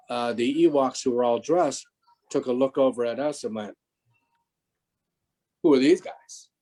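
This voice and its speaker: Man in his sixties, mellow, meandering storyteller, video call. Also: mid-range voice, low-quality recording. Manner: rambling, many restarts. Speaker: guest, former stunt performer. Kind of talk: casual interview anecdotes.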